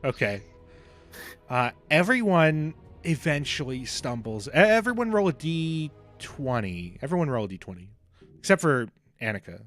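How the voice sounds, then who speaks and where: A man's voice: on the high side, big pitch swings, normal speed, fairly bright tone, soft background music. A man running a tabletop role-playing game as game master, narrating the scene with lots of fillers and restarts. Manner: loose, filler-heavy narration.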